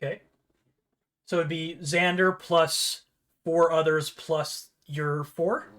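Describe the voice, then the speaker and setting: A man running a tabletop game as game master, narrating in a relaxed, rambling way. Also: fairly high pitch, slow pace.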